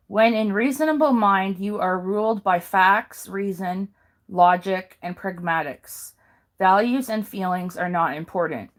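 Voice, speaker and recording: A woman reading handouts aloud in a careful, halting way, pausing and correcting herself now and then. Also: medium pitch. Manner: slow careful reading with pauses and self-corrections. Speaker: video maker.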